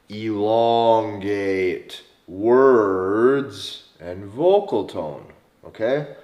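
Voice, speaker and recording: A man's voice: mid-range voice, darkish tone. Emphatic North Dakota man coaching. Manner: emphatic, repeats key phrases, frequent "okay?". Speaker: dating coach. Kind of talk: instructional talk to camera. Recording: echoey room.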